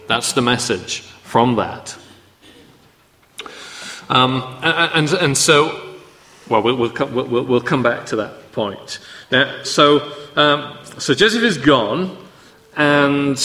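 A man's voice: mid-range voice, pushed and bright. A man giving a sermon, teaching in a conversational way with frequent restarts and rhetorical tag questions. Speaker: preacher. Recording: echoey hall.

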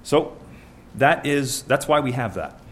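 A man's voice: medium pitch, animated, unhurried, fairly bright tone, a little hiss or hum. A man preaching a sermon, reading scripture aloud and asking his listeners questions in an earnest, conversational way.

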